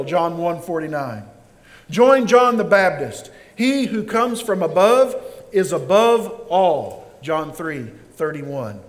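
A man preaching a sermon in a church, swinging between loud emphasis and quiet drops, calling on the congregation to respond. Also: sits high, lively intonation, slow pace. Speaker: pastor. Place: church sanctuary. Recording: long reverb of a large hall.

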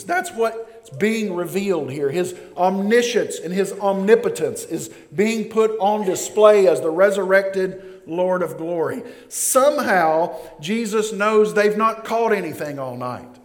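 A man preaching a sermon in a lively, joking way, acting out the scenes he describes. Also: sits high, a little slow, few pauses. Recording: long reverb of a hall.

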